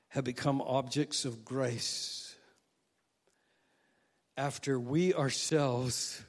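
A male pastor preaching a sermon, swinging from quiet asides to loud, emphatic quoted prayers. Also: medium pitch.

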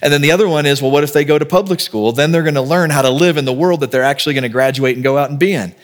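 Speaking very fast in a voice on the high side, a pastor delivers a sermon in a relaxed, conversational manner. He thinks out loud and plays out little bits of dialogue to make his point.

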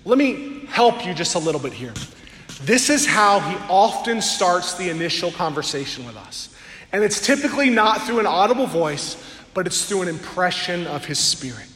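A man preaching a sermon to a congregation in a church, earnest and drawing out key words slowly for emphasis. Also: high-pitched, very animated, fairly bright tone, slight background noise. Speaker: pastor. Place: church sanctuary before a congregation. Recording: echoey hall with long reverb.

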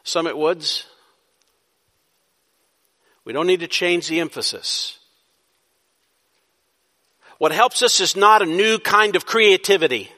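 A man's voice: sits high, slow, pauses often, pushed and bright. A man, a pastor, preaching a sermon, asking rhetorical questions and building to emphatic bursts. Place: church sanctuary. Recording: long hall reverb.

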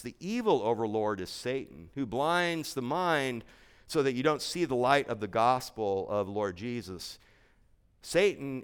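Smooth-voiced preacher telling a parable. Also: male voice, medium pitch. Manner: slow, emphatic phrases with dramatic pauses. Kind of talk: sermon storytelling.

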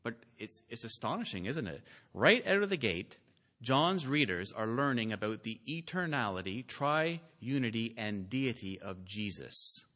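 A man preaching a sermon from a church pulpit, earnest and deliberate, building to emphatic, rising peaks and scattering the odd "uh". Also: mid-range voice, big pitch swings, a bit bright. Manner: slow, deliberate delivery with filler "uh"s. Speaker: pastor.

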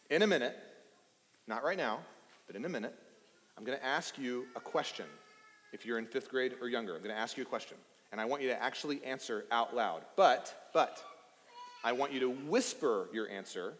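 A man's voice: mid-range voice, a bit bright. A man in his thirties from East Texas, preaching a casual, playful sermon and talking with the children in the congregation. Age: 30s. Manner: playful and chatty, addressing children. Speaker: pastor. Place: church sanctuary. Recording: reverberant hall.

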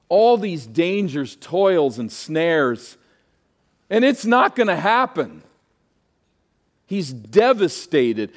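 A pastor preaching a sermon, moving from emphatic peaks down to quieter, hushed asides. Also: male voice, medium pitch.

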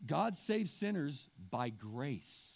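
This pastor's fairly high-pitched voice is very animated yet extremely slow as he delivers an emotional, impassioned sermon. He shifts from loud emphasis to hushed asides and clears his throat often.

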